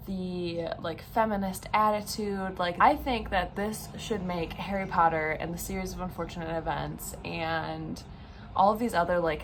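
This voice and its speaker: A woman's voice: fairly low pitch, slight background noise. Bubbly young woman gushing to camera. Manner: bubbly and gushing, lots of "like" and "oh my gosh". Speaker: book vlogger. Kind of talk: casual vlog chat.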